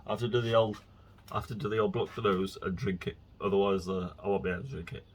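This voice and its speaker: A man's voice: lowish voice, steady tone, fast, slightly rough. A man talking in a casual solo monologue, rambling and chatty with frequent restarts as he tells stories. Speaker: vlogger.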